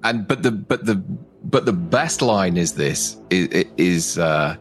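A man co-hosting a casual movie review chat, animated and quick to laugh, acting out lines from the film. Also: deep voice, faint music behind. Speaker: podcast co-host.

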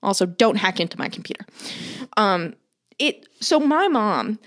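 A woman's voice: mid-range voice, sing-song, measured pace, fairly bright tone. A woman in her thirties, co-hosting a podcast, telling a long story in casual chat and swearing freely. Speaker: podcast co-host.

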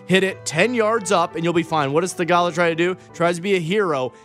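A man's voice: high voice, a little fast, fairly bright tone, soft background music. Man with wry opinionated sports takes. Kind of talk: casual sports banter.

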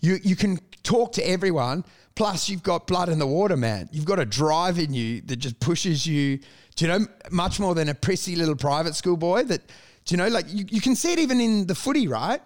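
A young man with a high-pitched voice chatting loosely and swearing freely. He acts out quotes as he tells his stories. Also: animated, a little fast. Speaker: guest telling stories. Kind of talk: casual chat.

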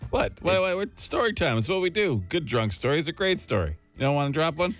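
Playful male radio host, very lively pitch. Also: brisk, faint music behind. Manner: playful, teasing, upbeat. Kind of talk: casual radio banter.

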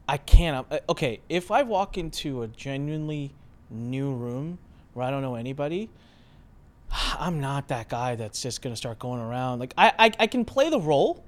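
Male podcast host, mid-range voice, lively storyteller who acts out the dialogue. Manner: animated, acts out quoted exchanges with big pitch jumps. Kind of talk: casual conversational storytelling.

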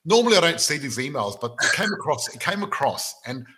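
A man hosting a casual podcast, telling jokey stories in an animated way. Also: a little high, fast talker, rough recording. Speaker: podcast host.

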